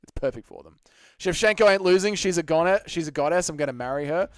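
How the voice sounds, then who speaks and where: An Australian man hosting a casual livestream, reading viewer comments aloud and answering them in a cheeky, animated way with casual swearing. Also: on the high side, fast, dry recording, studio quality. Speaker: livestream host.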